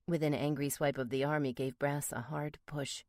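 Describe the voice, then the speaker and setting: A woman narrating a first-person romance audiobook in a steady, measured way. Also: sits low, no room sound, clean studio sound.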